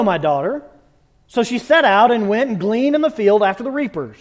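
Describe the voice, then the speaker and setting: High-voiced man preaching with emphatic passion. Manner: impassioned, emphatic preaching with sudden loud bursts. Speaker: pastor. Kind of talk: sermon.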